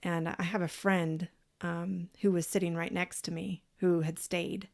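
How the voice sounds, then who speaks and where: A woman co-hosting a podcast, telling a personal story in a casual, animated way, acting out what people said and swearing freely. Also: lowish voice, unhurried, gravelly. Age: parent, adult. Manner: animated, acts out quoted voices. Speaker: podcast co-host.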